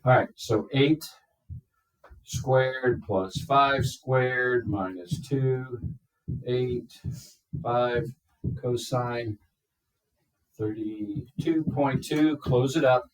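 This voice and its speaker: A man teaching a math class, explaining step by step and checking in with his students. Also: mid-range voice. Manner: slow, step-by-step, checks in with "okay?". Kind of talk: classroom lecture. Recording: echoey classroom from far off.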